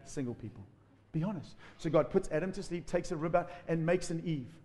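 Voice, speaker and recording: A man preaching a sermon as pastor, lively, acting out quotes. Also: a little high, fairly quick, long reverb tail. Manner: animated preaching with acted-out quotes.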